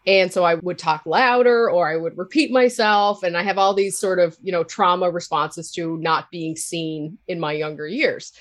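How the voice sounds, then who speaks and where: A woman's voice: lowish voice, fairly even intonation, moderate pace, hardly any pauses. Outspoken woman with a Cape Breton accent. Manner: candid, laughs loudly, swears freely. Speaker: podcaster guest. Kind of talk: casual interview talk.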